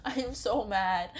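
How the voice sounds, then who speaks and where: Give me a young woman reading a story game aloud at a slow pace with loud, excitable reactions. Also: medium pitch. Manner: excitable, yells and laughs at the story. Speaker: game streamer.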